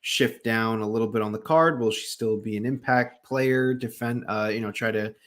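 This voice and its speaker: A man hosting a casual wrestling podcast, relaxed and hesitant, with many fillers. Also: fairly low pitch, normal speed. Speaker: podcast host.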